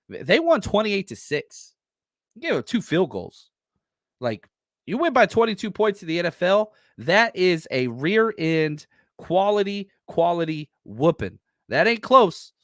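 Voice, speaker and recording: A man hosting a podcast, talking casually and excitedly about football with rambling asides. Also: on the high side, no room sound, studio quality. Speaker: podcast host. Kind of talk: casual sports commentary.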